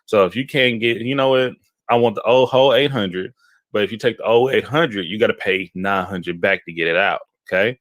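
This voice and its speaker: Low-voiced man telling rambling stories. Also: brisk, no echo. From Houston, Texas. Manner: animated, rambling anecdotes with frequent "okay?" check-ins. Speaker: podcast co-host. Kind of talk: casual storytelling chat.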